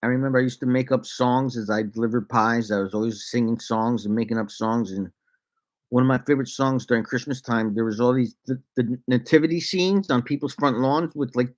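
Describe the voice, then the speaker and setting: A man in a middle register tells a loose, rambling story straight to his viewers, as a vlogger does. He keeps it laid-back, laughs along the way and breaks into playful made-up sing-song lines. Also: mid-range voice. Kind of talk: casual storytelling to camera.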